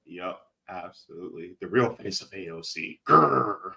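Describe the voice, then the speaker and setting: A man's voice: low-pitched, steady tone, moderate pace, heavy background noise. A man hosting casual political commentary, full of sarcastic remarks and laughing asides. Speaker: host.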